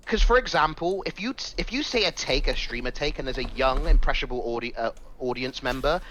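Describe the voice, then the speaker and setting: A man's voice: mid-range voice, expressive, a little fast, sharp tone, rough recording. A man lecturing another person during a heated casual debate and calling him bro. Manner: lecturing, calls listener bro and brother. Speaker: debate participant.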